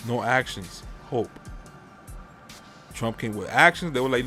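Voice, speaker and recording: A man's voice: medium pitch, lively intonation, a little slow, sharp tone, faint music behind. A man hosting a podcast in casual chat, rambling and swearing freely as he airs his opinions. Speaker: podcast host.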